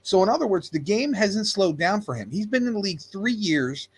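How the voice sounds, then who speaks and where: A man with a slightly higher, husky voice argues his points with emphasis, doubling up words as he pushes ahead. It is loose, casual sports talk on a podcast. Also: very animated, brisk. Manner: emphatic, repeats words when pressing a point. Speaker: podcast co-host.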